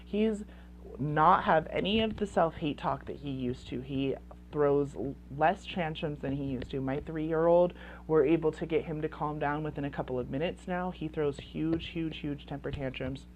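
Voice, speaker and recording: A woman's voice: low voice, normal speed, slight background noise. A woman in her thirties, a parenting coach, talking bluntly and with passion, swearing and hammering points home through repetition. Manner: blunt and impassioned, swearing, repeating phrases for emphasis. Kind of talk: direct-to-camera talk.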